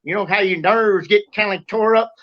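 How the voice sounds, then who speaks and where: A man with a Kentucky Southern accent telling a story as host, excitable and drawling, acting out sounds and shouts. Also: high voice, normal speed, highs cut off. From Kentucky, USA. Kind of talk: animated storytelling.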